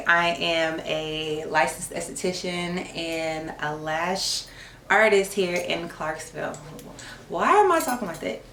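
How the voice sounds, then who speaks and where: Chatting casually to camera in her vlog, a young licensed esthetician and lash artist teases herself and calls her viewers y'all. Her lowish, slightly bright voice moves with lively intonation at a somewhat slow pace. The room is echoey, with faint music and slight background noise.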